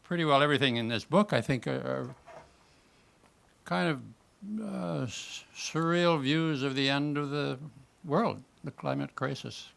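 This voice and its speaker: A man's voice: mid-range voice, measured pace, gravelly, fairly bright tone. A man reading at an open-mic event, chatty and self-deprecating, with some hesitations. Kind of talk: casual remarks and reading a story aloud.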